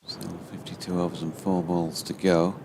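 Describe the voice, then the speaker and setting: Male cricket commentator, low and gravelly, relaxed ball-by-ball calls, slight background hiss. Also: normal speed.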